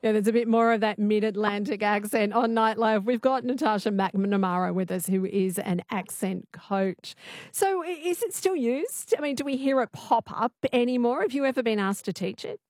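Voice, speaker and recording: A woman radio host guides an interview in a measured, conversational manner and reads out listeners' comments. Her voice sounds dry and close, with no room around it. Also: fairly high pitch, a little mellow, no room sound.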